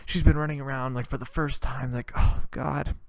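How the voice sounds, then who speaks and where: A man's voice: medium pitch, fairly even intonation, a little fast, no echo. A man hosting a comedy podcast, telling a crude, rambling comic story. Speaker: podcast host. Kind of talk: comedic monologue.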